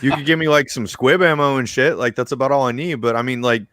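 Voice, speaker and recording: Heavy background noise surrounds a man from Virginia, USA, who hosts a casual chat with friends. He talks fast in a steady, mid-range voice, relaxed and cursing freely.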